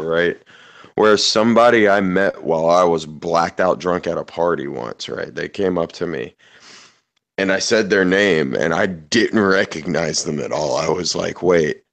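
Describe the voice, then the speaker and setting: A man with a very low voice tells loose, profane stories in a relaxed chat over a voice call. He laughs often and wanders as he talks. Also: creaky. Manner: profane, rambling storyteller with frequent laughs. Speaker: podcast host. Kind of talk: casual chat.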